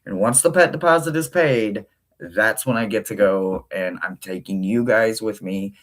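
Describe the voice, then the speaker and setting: A man hosts a tarot reading livestream at normal speed, chatting casually with viewers and breaking into sudden high-pitched exclamations.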